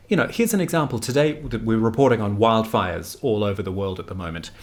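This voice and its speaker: A man in his forties, a news anchor, talking in an interview in an animated, emphatic way, often correcting himself mid-sentence. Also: fairly low pitch, fast, few pauses. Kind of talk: conversational interview.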